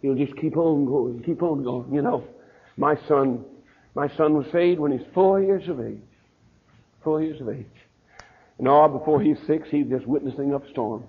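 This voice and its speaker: An older man preaching a sermon, telling stories in a folksy way, his voice quiet at times and rising at others. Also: on the high side, normal speed, slightly rough. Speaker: pastor. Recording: tinny phone-like old sermon recording.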